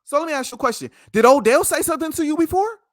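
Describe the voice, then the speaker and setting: A man's voice: very high voice, expressive, racing, no echo, studio quality. A man co-hosting a sports podcast, ranting passionately and repeating himself for emphasis in a heated debate.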